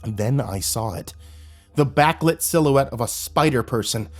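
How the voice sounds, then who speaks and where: Guy reading a scary story, steady, bit of music under it. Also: medium pitch, normal speed. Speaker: horror story narrator. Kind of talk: scripted horror narration.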